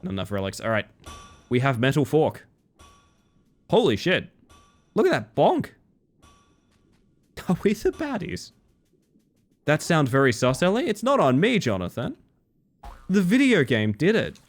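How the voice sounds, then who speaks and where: Animated young man streaming a game. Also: on the high side, a little slow, pauses often, faint music behind. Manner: joking storyteller. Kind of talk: casual gaming commentary.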